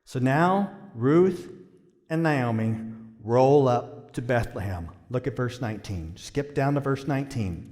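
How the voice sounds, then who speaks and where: Slow, animated male pastor preaching. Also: medium pitch. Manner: builds from quiet to loud emphasis, asks the congregation questions. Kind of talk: sermon. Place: church sanctuary. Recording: long church reverb.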